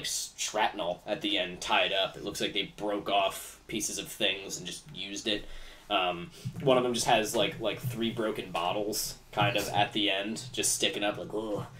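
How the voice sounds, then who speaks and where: A man's voice: on the low side, a bit bright, far from the mic. A man running a tabletop game as game master, narrating in a loose, rambling way full of "like" and "kinda". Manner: rambling, many fillers like "like" and "kinda".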